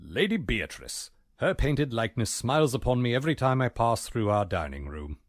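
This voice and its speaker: A man's voice: mid-range voice, big pitch swings, normal speed, no room sound. An actor voicing a prim, formal male butler with dry, polite delivery. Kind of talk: video game voice acting.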